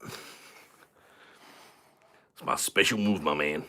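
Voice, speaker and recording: A man's voice: very deep voice, takes it slowly, bright, forceful tone, exaggerated voice. British man doing a crude swaggering American guy. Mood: boastful. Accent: put-on American. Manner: vulgar, swaggering, ends lines with "man". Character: crude cocky American man who insults Brits. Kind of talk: live-stream character bit.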